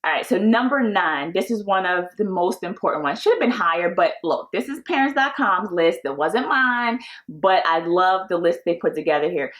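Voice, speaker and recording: A woman's voice: lowish voice, lively intonation, normal speed, hardly any pauses, a bit bright. A woman in her thirties hosting a podcast, talking casually in an upbeat, encouraging way and laughing often. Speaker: podcast host. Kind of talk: casual solo podcast talk.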